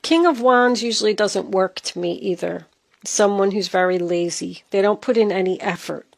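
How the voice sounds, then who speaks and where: A woman's voice: mid-range voice, normal speed, vocal fry. Emphatic woman giving a tarot reading. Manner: emphatic, talks straight to the listener. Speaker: tarot reader.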